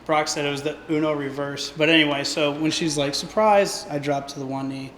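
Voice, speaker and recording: A man at a team meeting telling a short personal story in a relaxed, casual way. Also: fairly high pitch, fairly quick, echoey room, long reverb tail, a little hiss or hum, low-quality recording. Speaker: team member.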